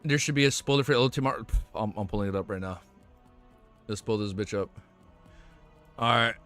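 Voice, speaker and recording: A man's voice: lowish voice, moderate pace, a bit bright, faint music behind. A man streaming as he reads a novel aloud and reacts, stumbling and rereading lines, swearing casually, his voice getting worn.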